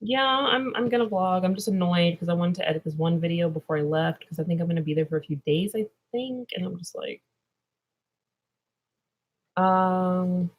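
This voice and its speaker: A woman's voice: on the low side, moderate pace, low-quality recording. A young woman vlogger answering viewer questions in a rambling, drowsy way that trails off into mumbles. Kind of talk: casual livestream Q&A chat.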